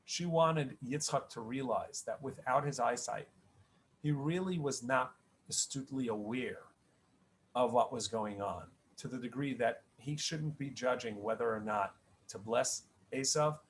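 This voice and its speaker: A man's voice: medium pitch, measured pace, slight background noise. A middle-aged man, a rabbi, giving a conversational spoken Torah lesson, often restarting his sentences and checking in with "right?". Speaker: rabbi teaching the weekly Torah portion.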